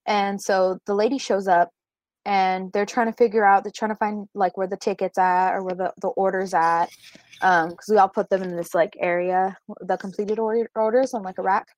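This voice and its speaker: A woman's voice: mid-range voice, steady tone, moderate pace, a little mellow, no echo. A young woman co-hosting a podcast, telling a work story in a rambling way full of filler words, recorded remotely. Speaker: podcast co-host. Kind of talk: casual storytelling. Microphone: remote recording at home.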